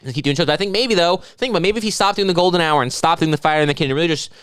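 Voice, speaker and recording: A man's voice: on the high side, rapid-fire, fairly bright tone, smooth, no room sound, studio quality. A man co-hosting a comedy podcast, riffing and mocking with lots of swearing. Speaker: podcast co-host. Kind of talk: casual comedic chat.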